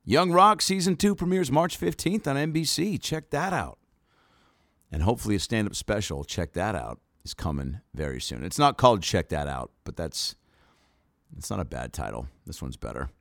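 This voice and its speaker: A man's voice: fairly low pitch, very animated, normal speed, fairly bright tone, no room sound, studio quality. A male comedian hosting his podcast in a loose, joking way, swearing freely. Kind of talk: casual chat. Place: in Australia.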